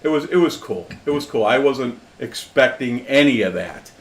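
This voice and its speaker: A man's voice: mid-range voice, expressive, moderate pace. A man co-hosting a whiskey podcast, telling a rambling anecdote in casual chat. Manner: rambling storyteller, many restarts and "blah, blah, blah". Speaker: podcast co-host. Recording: echoey room, faint background noise.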